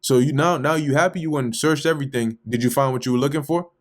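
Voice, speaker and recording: Man doing a riled-up shepherd, voice pushed up high, loud and indignant, heated and challenging, slangy street talk. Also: moderate pace, natural voice. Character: indignant, exasperated grown man shepherd confronting his father-in-law.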